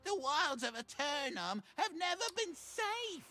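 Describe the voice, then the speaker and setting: A woman voicing a female quest-giver in a fantasy game, speaking slowly and drawn-out. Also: high-pitched, sing-song. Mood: ominous. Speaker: game character.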